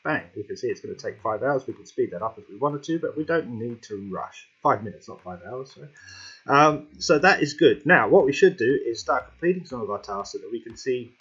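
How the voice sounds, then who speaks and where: This gaming-channel host has a mid-range, husky voice with a fairly bright tone, lively intonation and a brisk delivery. He plays and chats casually, addressing both himself and the game in let's-play style. The recording comes from a somewhat dull lo-fi home mic, with music faintly audible.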